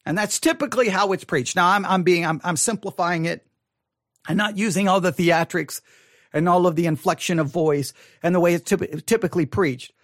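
High-voiced man teaching Bible study. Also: normal speed, a bit bright, dry recording, clean studio sound. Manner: conversational, reads scripture aloud, frequent restarts and repeated words; mildly critical of typical sermons.

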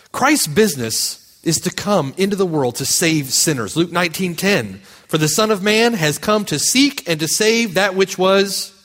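A man's voice: high-pitched, a bit bright. A man preaching a sermon as pastor, speaking with impassioned, building emphasis.

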